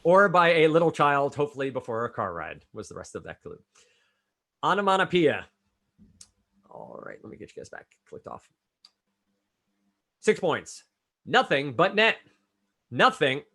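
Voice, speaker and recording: Male quiz host, slightly high, very animated delivery, brisk and chatty. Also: gravelly. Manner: brisk, chatty, calls on players by name. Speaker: trivia quizmaster. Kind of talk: reading trivia clues and scoring answers.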